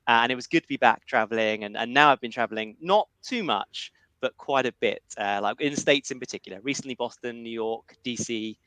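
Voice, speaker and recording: A man's voice: medium pitch, fairly quick, few pauses, sharp tone, clean tone, dry recording, low-quality recording. A middle-aged British man, head of developer relations, chatting casually on a livestream and laughing often. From United Kingdom.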